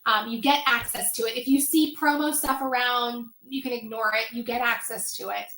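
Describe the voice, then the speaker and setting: A woman's voice: on the high side, fairly even intonation, moderate pace, pushed and bright, reverberant. A woman hosting an online money workshop, talking casually with lots of fillers, her voice getting tired. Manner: chatty, many fillers. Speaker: financial workshop host.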